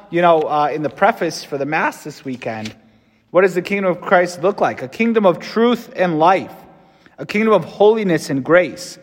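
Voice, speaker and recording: Man, American accent, Catholic priest, relaxed conversational homily, fillers and restarts, higher voice, echoing church. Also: husky. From United States. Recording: long reverb from a church.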